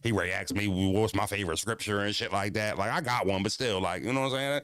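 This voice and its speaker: A man's voice: lowish voice, quick pace, a bit bright, smooth, no echo. A man casually telling a story on his vlog in slangy, profane, rambling talk. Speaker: YouTuber and battle rapper.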